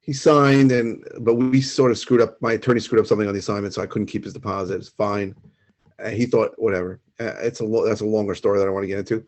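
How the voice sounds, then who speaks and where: A man co-hosting a podcast who jumps in with quick, plainspoken questions and tells his own story. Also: on the low side, steady tone, darkish tone. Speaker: podcast co-host. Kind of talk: casual chat.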